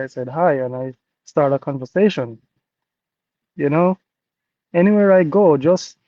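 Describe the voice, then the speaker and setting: A man's voice: fairly high pitch, mellow, dry recording. A man from Jamaica with a Jamaican accent, a guest sharing his business story in an earnest, repetitive, motivational way on a video call. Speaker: interview guest, business owner. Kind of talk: casual testimonial talk. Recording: dull dry call audio.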